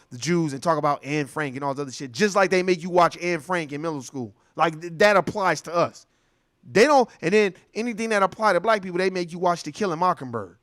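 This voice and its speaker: A young adult man in a casual, profane monologue, telling stories with lots of energy and acting out other people's voices. His voice sits fairly high and sounds dry and close, with little room around it. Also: quick pace, dry recording. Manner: animated storytelling, acts out voices. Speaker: commentator.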